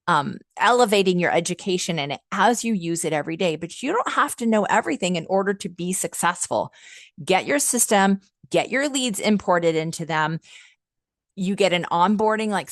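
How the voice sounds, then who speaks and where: A woman with a fairly low voice leads a software training webinar as a customer success manager. She talks in an upbeat, chatty, enthusiastic way and often uses "like" and "um." Her voice is recorded close and dry, with no room sound. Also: dry recording. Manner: frequent "like" and "um" fillers.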